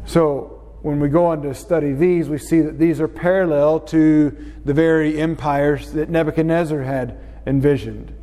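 Man, Bible class teacher, hesitant fillers, warm dark tone, long hall reverb. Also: fairly high pitch, steady tone. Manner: unhurried, with frequent "uh" fillers.

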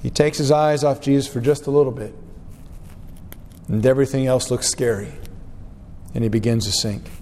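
A man's voice: medium pitch, steady tone, moderate pace, long pauses, warm tone, slight background noise. A man preaching a sermon, reading scripture aloud with earnest, dramatic rises and drops in his voice. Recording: long hall reverb.

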